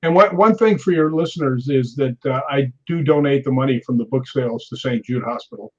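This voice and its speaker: A man's voice: medium pitch, fairly quick, lo-fi sound. A man in his sixties, a stuntman and interview guest, telling stories animatedly, acting out quotes and laughing often. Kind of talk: storytelling interview.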